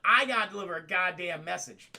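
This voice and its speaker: A man's voice: high voice, fast, pushed and bright, full character voice. A man voicing a sneaky little male droid that grumbles to itself. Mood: grumbling.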